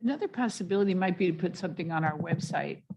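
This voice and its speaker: A woman's voice: on the low side, lively intonation, fast talker, a little mellow. A woman chairing a commission meeting, talking informally and thinking aloud. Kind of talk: meeting discussion.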